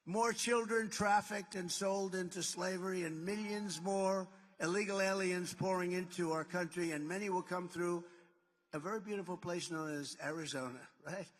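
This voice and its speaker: A man's voice: sits high, a bit bright. A man addressing a rally as a political candidate, boastful and repetitive, piling up superlatives and wandering into asides. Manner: rambling asides. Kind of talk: rally speech. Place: large rally venue. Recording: long reverb in a large hall.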